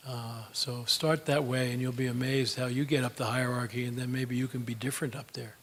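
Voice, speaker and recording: A man's voice: medium pitch, flat delivery, brisk, slightly rough. Folksy older man telling stories. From United States. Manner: folksy, chatty, fillers like "you know". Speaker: speaker. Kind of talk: storytelling talk and Q&A answers.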